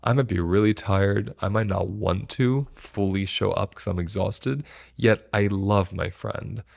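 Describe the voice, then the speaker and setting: A man's voice: lowish voice, steady tone, measured pace, gravelly. A man teaching about stress responses to camera, reflective and earnest, explaining with everyday examples from his own life. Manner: earnest, speaks from personal experience.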